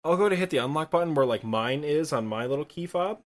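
A man's voice: on the high side, animated. Midwestern man, twenties, casual self-deprecating podcast co-host. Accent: Midwestern Michigan. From Michigan, US. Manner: rambling, self-deprecating, quick laughs. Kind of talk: casual gaming podcast chat. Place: apartment.

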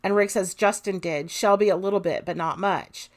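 A woman's voice: mid-range voice, moderate pace. Woman reading a true crime transcript. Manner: reads quoted interrogation lines plainly, adds commentary. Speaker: podcast host.

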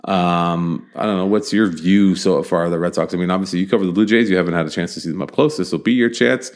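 A low-pitched man hosts a laid-back sports podcast, speaking quickly. He rambles, filling his talk with fillers and frequent restarts.

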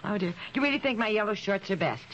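An actress playing an excitable, chatty suburban housewife in a 1950s radio drama, talking in bubbly, giggly rushes. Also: female voice, medium pitch, lightly acted. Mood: excited. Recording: dull old radio recording, faint hiss.

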